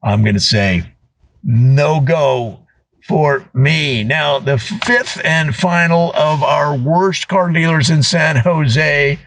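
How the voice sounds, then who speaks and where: A man telling a comedic monologue, animated and full of voiced asides. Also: a little high, slow, no echo, poor audio.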